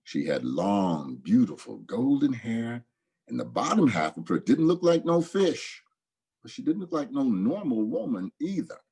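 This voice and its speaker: A man voicing a father telling a tall tale in a folksy, animated way. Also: mid-range voice, a little slow, vocal fry, slightly rough, full character voice. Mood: marveling. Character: storytelling father, marveling.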